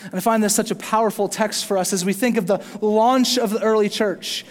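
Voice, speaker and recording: A man preaching a sermon in a church, animated, with rising emphasis and playful asides to the congregation. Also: high voice, fairly quick. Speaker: pastor. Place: church sanctuary. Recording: long hall reverb.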